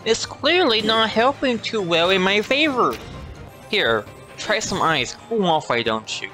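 A man giving casual gameplay commentary in a let's play, animated and playfully complaining. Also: sits high, measured pace, faint music behind.

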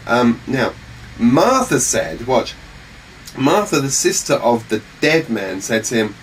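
A man preaching a sermon in an animated, exclaiming way, urging his listeners to watch. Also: mid-range voice, slow pace, distant mic, poor audio. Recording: faint air-conditioning hum, mic set back.

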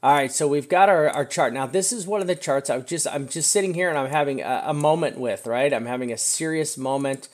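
A man's voice: a little high, brisk, hardly any pauses. A man giving casual, emphatic commentary on market charts, often checking in with "right?" and venting frustration now and then. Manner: chatty, emphatic, keeps asking "right?"; frustrated outbursts. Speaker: crypto chart analyst. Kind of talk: screen-share market commentary.

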